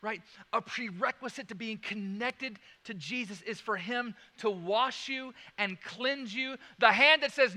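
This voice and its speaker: A man preaching a sermon, swinging from loud emphasis to hushed, slow lines and repeating key phrases. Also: sits high, lively intonation, in a large hall. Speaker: pastor.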